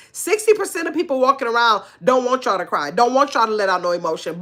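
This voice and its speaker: An older woman hosting a casual livestream, talking earnestly in relaxed slang and reading viewer comments aloud. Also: medium pitch. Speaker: livestream host.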